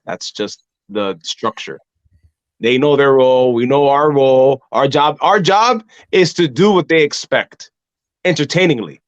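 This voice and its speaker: A man hosting a wrestling podcast, telling ring stories in a casual, animated way and acting out voices from the crowd. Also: on the high side, dry recording, dull audio. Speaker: podcast host and pro wrestler. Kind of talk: casual conversation.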